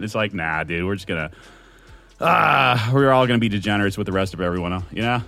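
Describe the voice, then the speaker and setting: A young man hosting his own podcast, rambling and swearing in a manic, excitable way as he pitches the show. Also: quick pace, creaky. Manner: manic, rambling, swearing, bursts of shouting and laughter. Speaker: podcast host. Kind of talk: casual solo podcast teaser.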